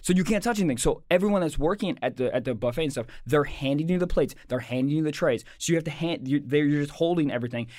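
Young male comic, animated storyteller, slightly high voice, dry close mic. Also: fast, few pauses, dry recording. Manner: animated, swearing, acts out voices in stories. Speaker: comedian and podcast host. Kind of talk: casual chat, storytelling.

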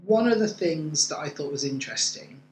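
A man's voice: a little high, expressive, fairly quick. A man co-hosting a podcast, chatting enthusiastically and sharing opinions. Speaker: podcast co-host. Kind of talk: casual chat reviewing a musical. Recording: echoey room with faint noise.

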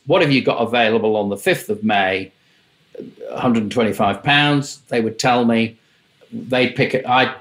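Older man telling wry stories. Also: lowish voice. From England. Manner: wry, lively raconteur, mimics voices in quotes. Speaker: music manager and guest. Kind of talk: anecdotal interview storytelling.

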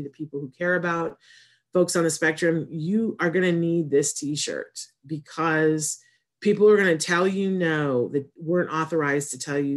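A woman hosting an autism community show, talking to viewers in a casual, rambling way, often breaking off her sentences and then bursting out with emphasis. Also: sits low. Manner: rambling and warm-hearted, with frequent self-interruptions. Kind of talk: casual chatty monologue to viewers.

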